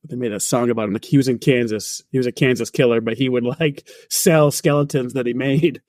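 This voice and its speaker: A man's voice: mid-range voice, steady tone, fairly quick, darkish tone, no room sound, clean studio sound. A man co-hosting a podcast who mostly chimes in with short wisecracks during casual chat. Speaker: podcast co-host.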